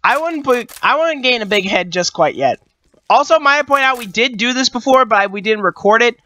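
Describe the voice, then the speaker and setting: Host, casual match commentary; bright, animated delivery, quick to laugh and tease. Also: medium pitch. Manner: excitable, laughs a lot, jokey trash talk. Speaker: channel host.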